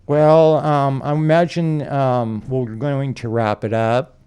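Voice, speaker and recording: A man hosting a relaxed interview, spinning a long anecdote in a mid-range voice. He rambles, restarts and acts out what people said, chuckling along the way. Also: mid-range voice, slow, clear, resonant tone. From California. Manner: rambling anecdotes with acted-out quotes and laughs. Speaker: podcast interviewer. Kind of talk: casual interview storytelling.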